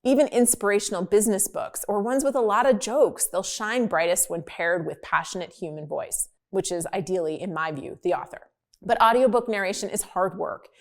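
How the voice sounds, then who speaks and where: A woman hosts an explainer video in a casual, upbeat manner. Her voice sits at an ordinary middle pitch, and she leans on key words with emphasis. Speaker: host.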